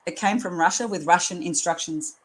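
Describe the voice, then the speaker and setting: A woman's voice: fairly low pitch, a little fast, slightly rough. Blunt woman in her sixties. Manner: blunt, earthy and laughing storyteller. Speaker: guest, nurse educator. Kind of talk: casual interview chat.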